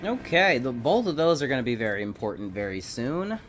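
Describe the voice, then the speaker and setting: A man streaming a video game, commenting live, swearing and yelling at enemies, his voice a little hoarse. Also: mid-range voice, a little fast. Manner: excitable, swears and yells at enemies. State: slightly hoarse, frog in throat. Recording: game music behind voice.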